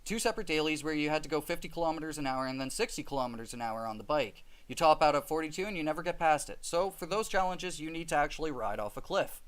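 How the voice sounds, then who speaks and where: A man live-streaming a game, chatting with his viewers, reading their comments aloud and often laughing. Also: fairly high pitch.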